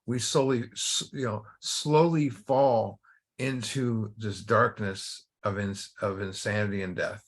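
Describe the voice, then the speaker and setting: A man's voice: fairly low pitch, steady tone, slow pace. A middle-aged man hosting a recovery study group, telling a story and teaching in a casual, conversational way, often repeating and restarting words.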